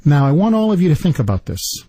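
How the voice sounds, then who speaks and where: A male talk radio host ranting with indignant, rapid-fire energy. His voice is a little husky and sits fairly high, swinging widely up and down in pitch. The sound is dry and close. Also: big pitch swings, mellow, dry recording. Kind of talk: political talk radio monologue.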